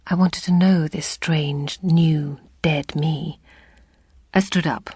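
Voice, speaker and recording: A woman giving a dramatic first-person story reading in a hushed, half-whispered delivery. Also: sits low, fairly even intonation, slow, husky, no room sound. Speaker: audiobook reader.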